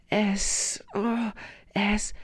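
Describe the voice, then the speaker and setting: A woman voicing an eager, forgetful little boy in a children's lesson, excitable and given to gasps. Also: mid-range voice, husky, no room sound, exaggerated voice. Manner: excitable, gasping, playful.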